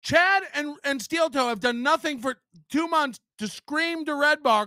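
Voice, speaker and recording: A man's voice: very high-pitched, lively intonation, a little slow, few pauses, pushed and bright, dry recording, studio quality. A man hosting a podcast, ranting in mocking disbelief and laughing often as he reacts to clips. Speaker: podcast host.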